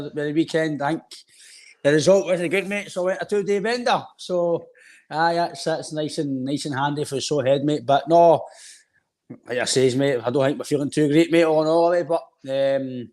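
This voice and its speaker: A man's voice: a little high, steady tone, moderate pace, a little mellow. A Scottish man co-hosting a football podcast, rambling conversationally with a sore throat. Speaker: podcast co-host. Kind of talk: casual football chat.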